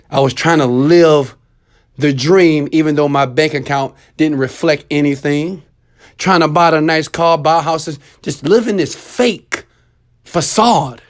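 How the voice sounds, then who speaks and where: Emphatic man giving a motivational pep talk. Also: a little high. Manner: preachy, emphatic, swings from loud urging to quiet intimacy. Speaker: motivational speaker. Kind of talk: motivational monologue.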